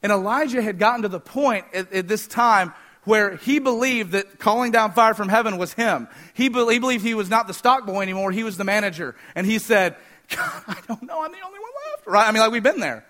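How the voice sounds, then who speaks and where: A young man preaching a sermon, telling a story in an animated way and asking the audience questions. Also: sits high, fairly quick.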